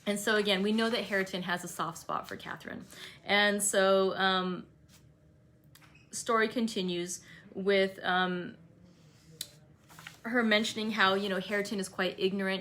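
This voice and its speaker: A woman hosting an online read-aloud group, chatting casually as she recaps the plot and slips into quick quoted asides. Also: medium pitch, fairly bright tone. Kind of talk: casual book-club recap.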